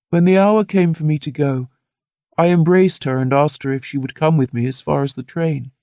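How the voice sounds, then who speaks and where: Male audiobook narrator, steady and earnest, gravelly, dry close sound. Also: fairly high pitch, no room sound. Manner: earnest, steady first-person storytelling. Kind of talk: scripted narration of a classic novel.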